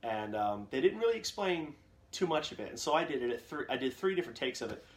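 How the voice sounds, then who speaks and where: A man's voice: medium pitch, lively intonation, fast. A man hosting a live Q&A, giving casual advice in a plain, everyday voice that he calls nerdy. He rambles candidly and often restarts his sentences.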